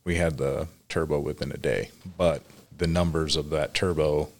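A man's voice: a bass voice, fairly even intonation, moderate pace. A man in a casual work chat, answering in a plain, matter-of-fact way.

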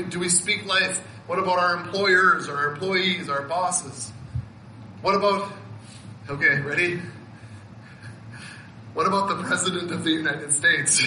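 A man's voice: high voice, pushed and bright, echoey room, slight background noise, low-quality recording. A man in his fifties preaching a sermon, earnest and emotional, often laughing and repeating words as he speaks. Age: 50s. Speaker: pastor.

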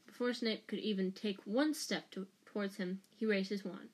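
A woman's voice: medium pitch, fairly even intonation, normal speed. A woman reads a chapter aloud for a fan audiobook in a casual, unpolished way. She stumbles, restarts lines and jokes about her own slips as she goes. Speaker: audiobook reader.

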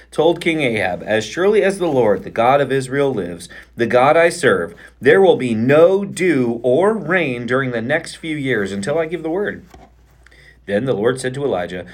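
Male pastor, expressive Bible reader, lively sing-song delivery, playful. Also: medium pitch. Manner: expressive reading aloud, playful banter. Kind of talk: podcast Bible reading and chat.

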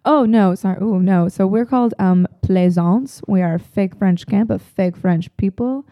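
A woman's voice: mid-range voice, moderate pace, no room sound, dull audio. A woman chatting casually as a podcast co-host, telling stories and laughing often. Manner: giggly, warm storyteller, laughs often. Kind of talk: casual chat.

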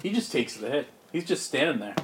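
A man's voice: mid-range voice, sing-song, fairly quick, background noise. A man narrating as game master in a tabletop game, loose and joking, with plenty of fillers.

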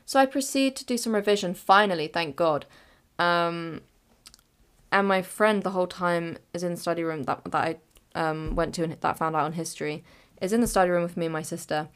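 A woman's voice: fairly low pitch, a little fast, smooth. A woman in her late teens, hosting a podcast and telling a chaotic, giggly, dramatic story in a casual way. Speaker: podcast host.

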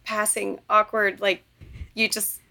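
A young woman co-hosting a casual podcast, with a gravelly vocal fry running through her voice. She talks in an effusive way, with phrases that trail off. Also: mid-range voice, level tone, takes it slowly, bright, forceful tone. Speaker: podcast co-host. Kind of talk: casual chat.

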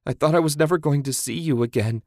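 A man's voice: lively intonation, moderate pace, a little mellow, husky, dry recording. A man voicing a frightened young woman who shrieks and wails in fear. She sounds frantic and close to tears. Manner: frantic, shrill and tearful. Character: terrified young woman in a monster attack.

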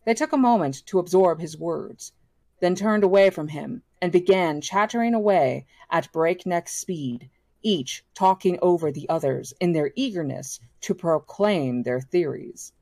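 A woman reading a novel aloud for a book club, steady and now and then correcting herself. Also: lowish voice, measured pace, no room sound.

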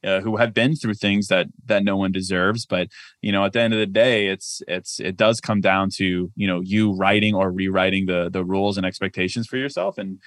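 A man's voice: deep voice, fairly even intonation, a little fast, no room sound, clean studio sound. A man talking as an author and guest on a podcast, reflective and practical, often saying "like" and "I mean". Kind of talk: conversational podcast interview.

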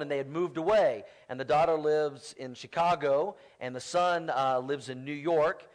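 A man preaching a sermon in a church, telling stories in a relaxed, conversational way with playful humor. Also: a little high. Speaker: pastor. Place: church sanctuary.

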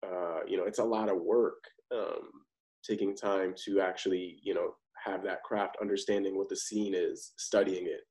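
A man's voice: deep voice, fairly even intonation, moderate pace, a little mellow, rough recording. A man, an actor and podcast guest, talking in a loose, confident, conversational way. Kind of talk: casual interview chat.

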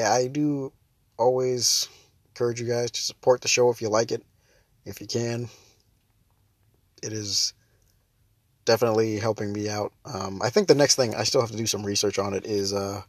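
Nursing a headache, a young podcast and stream host rants sarcastically through a casual solo monologue on his own show. He laughs often but also holds laughter back. His voice is fairly low, and the audio is dry, clean studio sound.

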